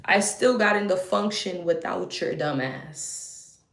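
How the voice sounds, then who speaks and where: A young woman telling a story in a heated, profane rant that swings between loud outbursts and low muttering. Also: slow pace, vocal fry, roomy sound.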